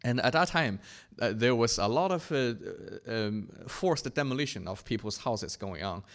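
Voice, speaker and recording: A young man from China giving an earnest, reflective personal testimony, often pausing and restarting his sentences. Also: mid-range voice, animated, fairly bright tone. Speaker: speaker sharing his faith testimony.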